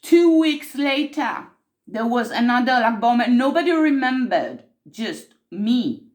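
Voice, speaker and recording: A woman's voice: a little high, animated, measured pace, a little mellow. A woman playing an earnest mystic who tells of time slips in an improvised monologue, intense and repeating herself for emphasis.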